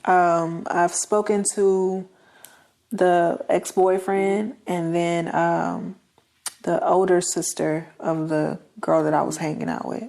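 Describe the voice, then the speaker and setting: A woman's voice: on the low side, little pitch movement, takes it slowly, vocal fry, a little mellow. A woman, a guest in an interview, earnestly telling her life story and acting out the voices of the people in it. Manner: earnest, acts out quoted dialogue.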